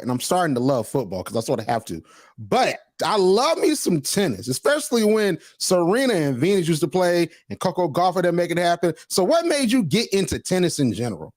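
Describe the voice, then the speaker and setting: Brief: male podcast host, animated swings in pitch, dry close sound, hyped and slangy. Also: fairly quick, no echo. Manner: energetic, repeats "listen", slangy. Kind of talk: casual interview.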